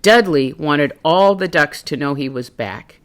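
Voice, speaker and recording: A woman storyteller reading a children's picture book aloud in an expressive, animated way. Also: low-pitched, measured pace.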